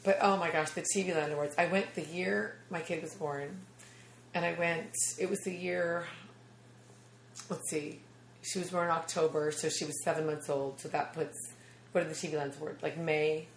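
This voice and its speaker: Animated woman telling a comic story. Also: sits low, normal speed, vocal fry, echoey room, a little hiss or hum. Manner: animated, acts out quoted voices, laughs often. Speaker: comedian guest. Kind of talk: casual storytelling chat.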